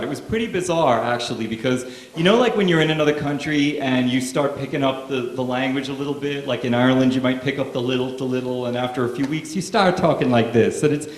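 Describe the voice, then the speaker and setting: A man's voice: mid-range voice, reverberant. A man doing stand-up, telling family stories in a wry, casual and profane way. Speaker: stand-up comedian. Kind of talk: stand-up comedy storytelling.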